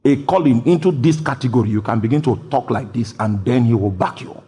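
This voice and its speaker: A man preaching a sermon, jumping from loud shouted quotations down to quiet, low explanation. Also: fast talker, hardly any pauses, slightly rough. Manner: bursts into loud shouted quotes, then drops low. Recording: long hall reverb.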